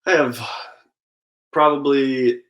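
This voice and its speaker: Flat-voiced man telling laid-back stories. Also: mid-range voice, slow, muffled recording. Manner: relaxed storytelling, lots of "like" and "I mean". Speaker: guest, professional baseball pitcher. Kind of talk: casual interview chat.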